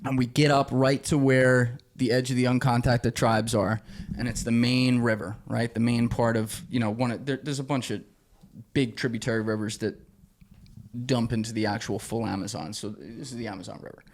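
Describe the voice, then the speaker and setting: A young man spins a travel story as a podcast guest. He talks loosely and with a lot of animation, throws in curse words, and slips into the voices of the people he's quoting. His voice sits at an ordinary middle pitch. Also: moderate pace. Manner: animated, profane, acts out the people he quotes. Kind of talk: casual storytelling.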